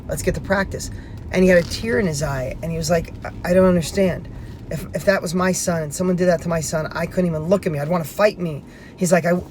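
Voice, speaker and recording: A man's voice: high voice, a little hiss or hum. A man hosting a motivational talk, telling a personal story earnestly and emphatically, restarting his sentences now and then. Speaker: host.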